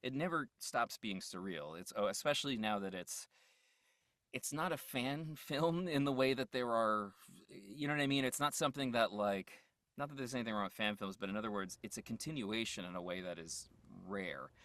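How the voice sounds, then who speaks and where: A man's voice: lowish voice, normal speed, a bit bright, no room sound. Man, voice actor guest, casual rambling talk, frequent laughs, dry close sound. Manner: loose and rambling, laughs often, trails off mid-thought. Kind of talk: casual interview chat.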